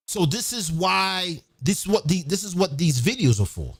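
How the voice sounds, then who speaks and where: A man hosting an event, delivering an excited, profane monologue and half-singing some lines. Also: high-pitched, moderate pace, few pauses, slightly rough. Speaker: event host. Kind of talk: excited monologue over a beat. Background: music.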